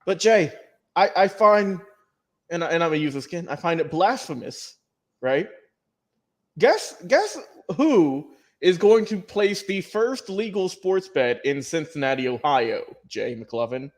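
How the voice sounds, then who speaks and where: A man's voice: fairly high pitch, animated, measured pace. A man co-hosting a sports talk show, talking casually with restarts and repeated words. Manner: rambling, repeats words, addresses co-host by name.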